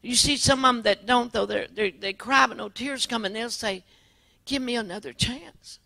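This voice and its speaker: Gravelly, bright-voiced woman preacher. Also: a little high, normal speed, no room sound. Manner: earnest storytelling with frequent restarts. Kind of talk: testimony sermon.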